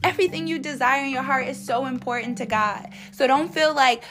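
A woman hosts a faith podcast devotional, encouraging listeners in casual, slangy speech before praying with fervent, repeated appeals in a repetitive cadence. Her voice sits high with a fairly bright tone, brisk and with few pauses, over soft background music.

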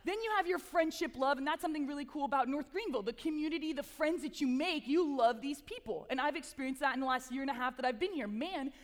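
A young woman delivers a chatty, upbeat chapel talk full of playful asides. Her voice sits high. It rings out with a long reverb across a large hall. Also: fast talker, few pauses. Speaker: chapel speaker, campus ministry assistant. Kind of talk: casual sermon with prayer.

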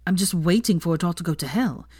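A woman reads as an anxious young man, brooding and guarded, his lines low, hushed and halting. The voice is deep for a woman and sits dry and close to the mic, with no room around it. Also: slightly rough, dry recording. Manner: hushed, halting, heavy sighs.

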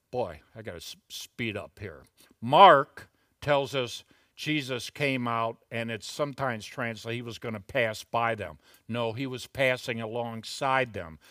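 Middle-aged male preacher, deliberate pace, bright forceful voice, chatty asides with emphatic peaks. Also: no echo, studio quality. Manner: slow, deliberate delivery with sudden loud, high emphatic bursts; conversational asides and chuckles. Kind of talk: expository sermon.

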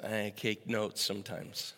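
A man in his sixties preaching a sermon as pastor, moving from easy storytelling to loud, emphatic preaching. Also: fairly low pitch, flat delivery, measured pace, creaky. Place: church sanctuary. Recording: echoey hall with long reverb.

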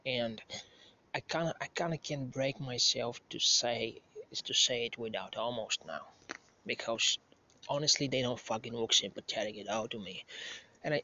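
A man's voice: medium pitch, sharp tone. Profane, rambling man in his thirties. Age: 30s. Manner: profane, rambling, self-correcting. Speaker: podcast host. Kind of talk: casual anecdote telling. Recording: slightly muffled lo-fi recording.

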